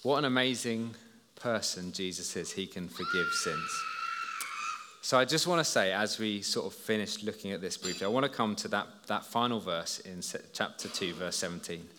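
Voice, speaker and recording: A man preaching a lively story sermon to a congregation, addressing them directly and drawing them into the scene. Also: fairly low pitch, normal speed, background noise. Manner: lively, storytelling, talks to listeners as "you". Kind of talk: children's talk sermon. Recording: long hall reverb.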